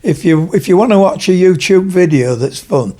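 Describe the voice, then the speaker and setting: An older retired man with a Yorkshire accent, chatting as a podcast guest and telling stories with lively quoted voices. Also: sits high, moderate pace. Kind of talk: casual chat.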